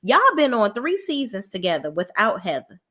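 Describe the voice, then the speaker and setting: A woman's voice: medium pitch, normal speed, husky. A woman giving a blunt, profane review of a reality TV show in a casual vlog, acting out the cast's lines. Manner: blunt, profane, animated, acts out quoted lines.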